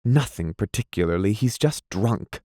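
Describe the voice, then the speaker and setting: A man reading aloud, voicing a composed, scornful young wife in a quiet, measured way. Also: lowish voice, lively intonation, dry recording, studio quality. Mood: cool.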